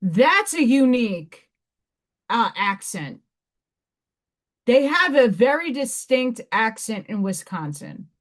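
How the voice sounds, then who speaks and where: A woman with a New York accent, somewhat hoarse, hosting a live stream where she chats excitedly and reads oracle-card affirmations aloud. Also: fairly high pitch, slow pace, long pauses. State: hoarse, voice weakened. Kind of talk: casual live-stream chat and card reading.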